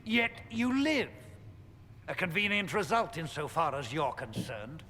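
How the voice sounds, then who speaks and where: Brief: scornful church chancellor in a game, bright, lively delivery. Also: male voice, on the high side, a little slow, a little hiss or hum. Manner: imperious, scornful. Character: stern pompous male church chancellor. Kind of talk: video game voice acting.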